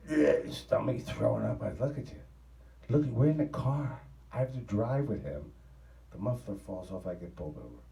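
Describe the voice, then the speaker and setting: A man's voice: lowish voice, dark tone, roomy sound, recorded from a distance, poor audio. A man, rambling through a profane travel story in a casual, offhand way. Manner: profane, rambling, laughing at his own story.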